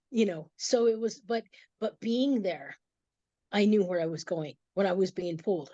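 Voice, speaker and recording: A woman, a guest in an interview, telling a personal story with emotion, halting and restarting often. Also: mid-range voice, mellow, dry recording, lo-fi sound. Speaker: guest, energy reader.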